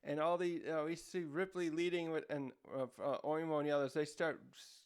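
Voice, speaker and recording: A man's voice: a little high, fairly even intonation, clear, resonant tone. A man casually recapping a manga chapter as a review host, rambling and searching for words, with lots of fillers. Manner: acts out character lines in quick raised voices.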